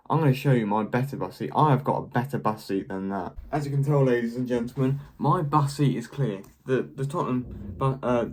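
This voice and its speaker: A young man giving quick, blunt, jokey verdicts in a casual vlog, ranking football shirts as the channel host. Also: mid-range voice.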